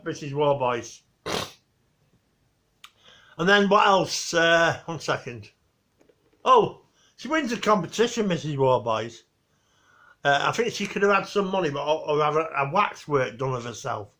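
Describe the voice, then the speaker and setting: Brief: chatty male vlogger, high bright voice, rambling and loose, mild swearing. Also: lively intonation, a little slow, pauses often. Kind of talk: casual vlog tribute.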